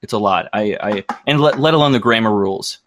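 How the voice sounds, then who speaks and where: A man's voice: fairly low pitch, brisk, a bit bright, a little hiss or hum. An American man hosting a casual livestream, rambling and thinking aloud. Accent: American English. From United States. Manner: rambling, thinks aloud with many fillers and restarts.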